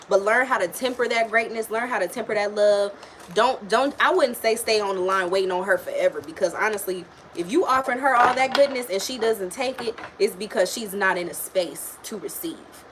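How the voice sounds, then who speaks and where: Over some background noise, a woman with a somewhat high voice gives a casual tarot and astrology reading on a live stream. She is blunt and slangy, swears freely, and talks with her chat.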